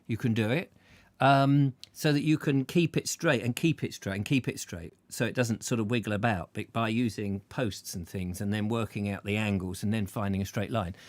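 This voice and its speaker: A man's voice: fairly low pitch, normal speed, dry recording. A man hosting a casual chat show, rambling in a playful, jokey way. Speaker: show host.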